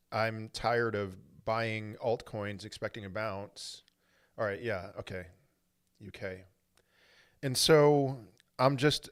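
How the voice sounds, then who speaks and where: A man hosting a casual livestream, rambling and correcting himself as he greets viewers in chat and gives his market views. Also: lowish voice. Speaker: crypto livestream host.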